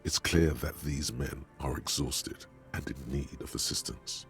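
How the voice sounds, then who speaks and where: Brooding inner voice in a detective game, super deep gravelly, slow and ominous. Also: male voice, fairly even intonation, faint music behind, exaggerated voice. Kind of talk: video game narration.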